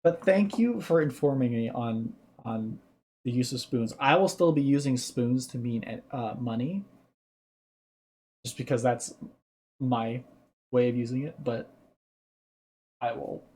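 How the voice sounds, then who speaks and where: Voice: medium pitch, a little slow, pauses often, dark tone, husky. A streamer giving casual reaction commentary, thinking aloud and explaining ideas at length.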